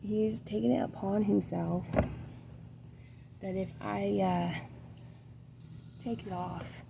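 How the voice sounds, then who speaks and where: A tired middle-aged woman rambles through a casual vlog, hesitating and trailing off as she talks. Her voice is heavily gravelly and her pace is slow and unhurried. A clear noisy ambience sits behind her. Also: mid-range voice, fairly even intonation. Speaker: vlogger. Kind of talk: casual rambling chat while painting.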